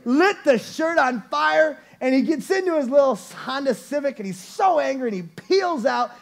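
A man preaching a storytelling sermon to a church congregation, animated and playful, often laughing as he goes. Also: very high-pitched, normal speed, gravelly. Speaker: lead pastor. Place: church service before a congregation.

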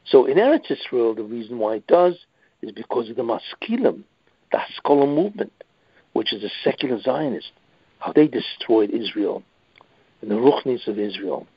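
A rabbi giving a weekly lecture in an emphatic manner, often adding "you see". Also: male voice, mid-range voice, animated, normal speed, husky, dry recording. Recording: dull lo-fi dry recording.

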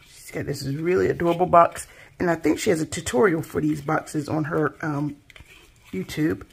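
Soft-spoken husky woman gushing over crafts. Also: low voice, moderate pace. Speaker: craft channel host. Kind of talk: casual unboxing chat.

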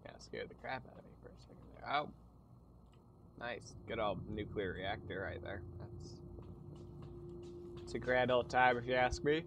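A man's voice: mid-range voice, unhurried, pauses often. A man gives casual let's-play commentary as he plays, joking crudely and sarcastically. His voice sits in the middle of the male range. There is constant noise behind him. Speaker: gaming channel host. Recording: noisy background.

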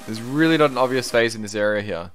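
A young man streaming a game, chatting casually, reading viewer comments aloud and breaking into excited exclamations. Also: medium pitch, fast talker, faint music behind. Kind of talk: live-stream gameplay commentary.

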